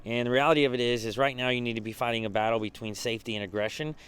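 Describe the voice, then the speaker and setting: A man's voice: medium pitch, flat delivery, racing, a bit bright, smooth. Casual man recapping a business event. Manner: casual, conversational, many fillers and restarts. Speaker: mastermind group leader. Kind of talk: behind-the-scenes recap.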